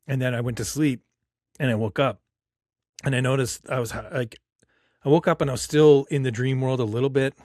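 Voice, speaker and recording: A man hosting a podcast muses aloud in a casual, rambling way and stops often for fillers. His voice sits at an ordinary middle pitch. The recording is dry and close. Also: a little mellow, dry recording. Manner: reflective, rambling, with many fillers. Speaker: podcast host. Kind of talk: casual chat.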